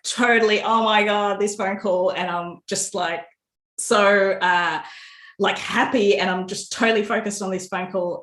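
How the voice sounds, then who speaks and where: Animated woman storyteller, roomy sound. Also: medium pitch. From Australia. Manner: animated storyteller, laughs often, many restarts. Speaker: author guest. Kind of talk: casual interview chat. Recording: roomy echo.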